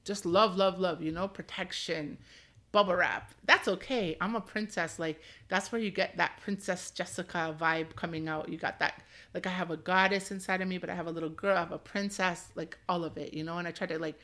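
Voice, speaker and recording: A woman's voice: on the low side, steady tone, a little fast, a bit bright. A woman from Canada, probably in her thirties, hosting her own podcast in a candid, rambling way, laughing often and filling with "like". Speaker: podcast host. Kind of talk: casual solo podcast talk.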